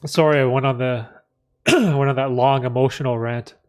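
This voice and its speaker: A man hosting a live stream, chatting candidly in a rambling, reflective way with many fillers, often clearing his throat. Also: medium pitch, steady tone, moderate pace, darkish tone. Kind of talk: casual live stream chat, reading chat.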